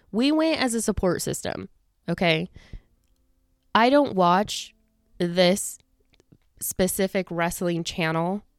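A woman's voice: mid-range voice, clear, resonant tone, no room sound. A young woman hosting a podcast in casual chat. She rambles with lots of fillers and restarts and sounds a little out of breath, close to the microphone. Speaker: podcast host. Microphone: studio microphone close to the face.

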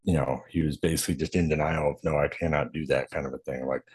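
A man's voice: a bass voice, fairly even intonation, quick pace, a little mellow, slightly rough, no room sound. A man co-hosting a podcast, adding reflective comments and short replies about a film. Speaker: podcast co-host. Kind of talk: casual film discussion.

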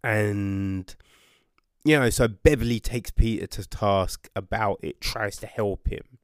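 A man casually reviewing a book, animated, with frequent swearing, exclamations and restarts. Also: fairly low pitch, takes it slowly, dry recording, clean studio sound.

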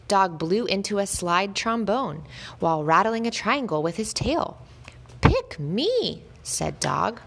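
Gravelly-voiced woman reading a children's story. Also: on the low side. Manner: gentle and expressive, lifting her voice for lively moments. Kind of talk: children's story read-aloud.

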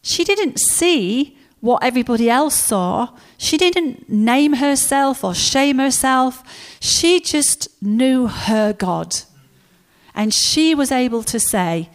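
A woman preaching a sermon, telling stories in a lively way and acting out the characters. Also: sits high, slow pace.

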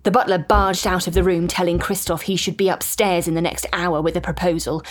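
A woman narrates an audio drama in first person. Her delivery is wry and lightly comic, with a plain, even voice. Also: fairly low pitch, fairly quick.

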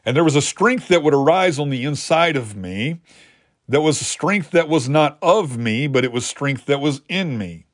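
A man's voice: expressive, normal speed, no echo. Earnest preaching man, dry close sound. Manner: earnest preacher, rises in pitch to drive points home. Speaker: pastor. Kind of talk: sermon.

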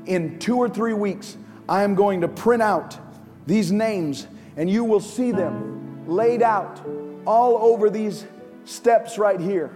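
A man preaching a sermon as pastor, swinging between impassioned, near-shouted lines and low, quiet ones. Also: slow pace. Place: large church auditorium. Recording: live church sound with long hall reverb. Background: music under the preaching.

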